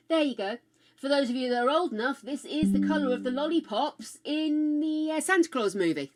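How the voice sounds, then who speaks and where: A woman's voice: sits high, sharp tone. An older woman from the UK, chatting casually and frankly on a live game stream, swearing freely and tossing asides to her viewers. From United Kingdom. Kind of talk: casual live-stream chat while gaming.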